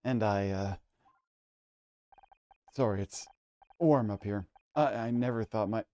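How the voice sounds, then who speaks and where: A man's voice: lowish voice, slow pace, mellow, no echo. A man doing a drunken washed-up TV star. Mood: bitter. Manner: slurred, rambling, self-pitying.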